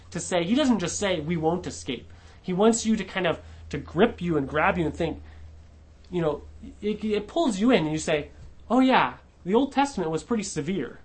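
A man preaching a sermon verse by verse in a conversational way. He often checks in with a questioning "right?", restarts words and slows down to stress key phrases. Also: high voice. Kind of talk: expository sermon.

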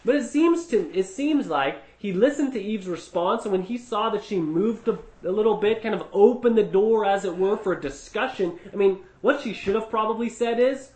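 A man gives a conversational Bible teaching, thinking aloud with asides and restarts. His voice sits high for a man, and the recording carries a roomy echo. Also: moderate pace, hardly any pauses, darkish tone. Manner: conversational, many fillers and restarts, rhetorical asides. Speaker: preacher.

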